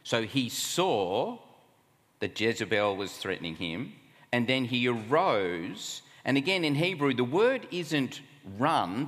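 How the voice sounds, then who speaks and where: At a camp, a man with an Australian accent preaches a sermon in a conversational style packed with rhetorical questions. His voice is medium-pitched and fairly bright, and a long hall reverb fills the recording.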